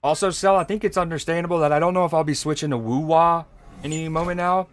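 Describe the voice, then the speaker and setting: A man's voice: a little high, steady tone, fast talker. A man from Georgia, casually chatting with viewers and joking while he streams a card game. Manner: laid-back, joking, chatting with chat while playing. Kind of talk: casual live-stream chat.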